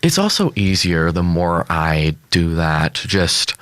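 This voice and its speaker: A man's voice: low-pitched, big pitch swings, slow, a bit bright, dry recording. A young man in casual interview chat about acting, upbeat and laughing often, rambling with fillers. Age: young adult. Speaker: guest actor. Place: local studio.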